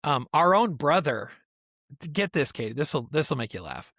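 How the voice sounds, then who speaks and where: Man, podcast host, casual chat, animated storyteller, dry close sound. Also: a little high, normal speed, no echo. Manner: animated storyteller, acts out quotes.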